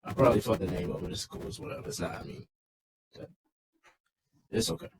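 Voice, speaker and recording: A man's voice: on the low side, sing-song, brisk, background noise. Casual swearing man recapping wrestling. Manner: loose, swearing, rambling asides. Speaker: wrestling show reviewer.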